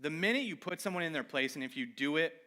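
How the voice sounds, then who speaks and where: A male pastor giving an informal, conversational sermon, animated and candid about his own failings, often checking in with "right?". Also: on the high side, quick pace.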